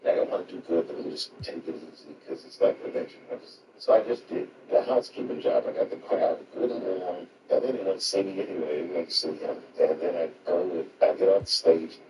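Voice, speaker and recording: A male comedian telling a reflective anecdote in a measured storytelling manner. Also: low voice. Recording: roomy distant noisy recording.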